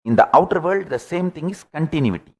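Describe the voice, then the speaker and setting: A man giving a spiritual discourse as a teacher, deliberate and repeating key phrases for emphasis. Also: on the high side, expressive, husky.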